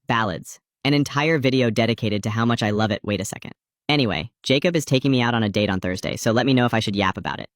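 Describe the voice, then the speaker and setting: A man's voice: medium pitch, no echo. Male creator, campy confessional monologue, flirty and over the top, dry close mic. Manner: playful, dramatic, flirty oversharing. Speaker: content creator.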